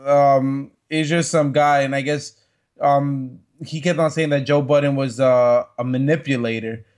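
In a slightly mellow, medium-pitched voice, a man co-hosting a casual podcast talks at a measured pace with a steady tone. The conversation is loose and meandering, thick with fillers and profanity.

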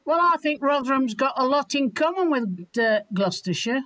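Yorkshire woman co-host, bantering and jokey, slightly high, close dry sound. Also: animated, moderate pace, fairly bright tone, no room sound, rough recording. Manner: jokey, teasing. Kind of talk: casual radio chat.

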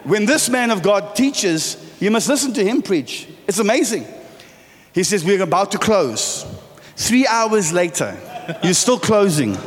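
Middle-aged male preacher, bright high voice that swings all over, playful with the crowd, recorded in a big echoing hall. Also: measured pace. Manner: joking and animated, quizzing the congregation. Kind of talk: sermon. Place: large church hall. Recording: church hall reverb with faint music.

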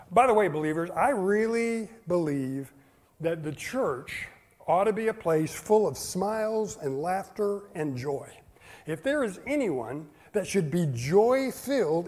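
High-voiced pastor preaching conversationally. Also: male voice, darkish tone. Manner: conversational preaching with chuckles and rhetorical questions; acts out quotes in a higher playful voice. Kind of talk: sermon.

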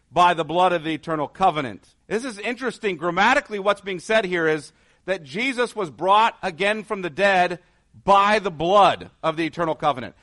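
A man preaching as a pastor, earnest, asking rhetorical questions and moving between soft, low passages and emphatic ones. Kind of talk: sermon.

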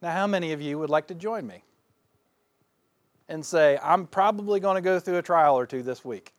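Man, pastor, folksy self-mocking sermon delivery, slightly high voice, dry close sound. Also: normal speed, dry recording. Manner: folksy, self-deprecating, laughs often; swings between loud bursts and quiet asides.

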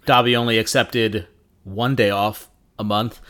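A man's voice: on the low side, fairly even intonation, a little slow, fairly bright tone. Wry podcast man with dry asides. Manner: dry, wry, explains with numbers. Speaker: podcast co-host. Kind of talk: casual chat.

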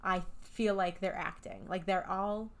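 A woman co-hosts a casual podcast, giving enthusiastic, candid opinions with the occasional curse. Her voice sits at an ordinary middle pitch. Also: steady tone, a little slow, creaky. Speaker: podcast co-host. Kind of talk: casual chat.

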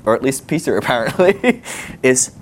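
A man giving a sermon in a loose, conversational way, animated and thinking aloud with fillers and quick laughs. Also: mid-range voice, slight background noise. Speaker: preacher. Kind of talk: sermon teaching.

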